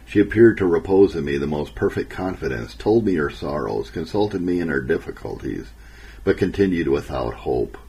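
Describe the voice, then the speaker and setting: Very deep, gravelly male narrator. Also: a little mellow, a little hiss or hum, poor audio. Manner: measured, earnest and solemn. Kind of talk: audiobook narration of an old memoir.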